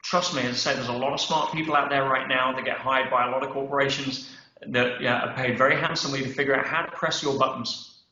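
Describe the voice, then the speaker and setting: Emphatic, bright-voiced male podcast guest. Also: mid-range voice, fast. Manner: emphatic, animated storytelling with acted-out quotes; peppers speech with "yeah?" and "right?". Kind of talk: conversational interview. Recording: roomy, dull podcast audio.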